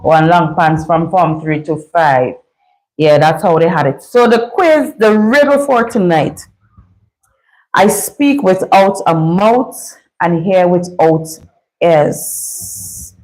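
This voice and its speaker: A woman's voice: fairly low pitch, slow, darkish tone, rough recording. A woman with a Vincentian accent hosting a casual live chat with viewers, chatty and playful and laughing often. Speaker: live-stream host.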